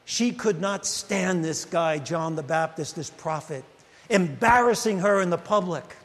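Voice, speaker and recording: A male pastor preaching a sermon in a church, telling a story with lively delivery and addressing the congregation by name. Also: a little high, unhurried. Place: church sanctuary. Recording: long reverb of a church hall.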